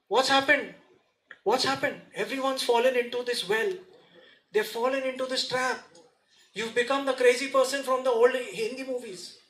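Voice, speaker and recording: A man giving a lively seminar talk, asking the audience questions and speaking to them directly. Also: high-pitched, poor audio. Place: seminar room.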